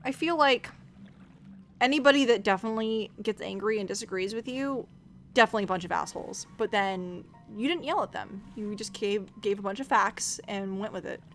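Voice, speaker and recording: A woman from the United States streaming a game, chatting casually in a rambling, profane and animated way. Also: medium pitch, fairly quick. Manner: rambling, profane, animated, acts out quoted voices. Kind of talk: casual live-stream chat while playing. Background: faint game music.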